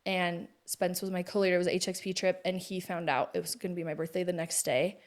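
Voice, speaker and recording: A woman's voice: fairly low pitch, little pitch movement, quick pace. A woman in her thirties, a guest in a casual conversation, telling personal stories in a chatty way and laughing easily. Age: 30s.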